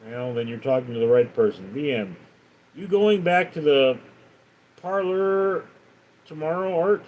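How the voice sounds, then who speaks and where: A man's voice: on the high side, animated, measured pace, a little mellow, rough recording. A man hosting a live stream, casually reading out viewers' comments and answering them with chatty stories. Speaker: livestream host.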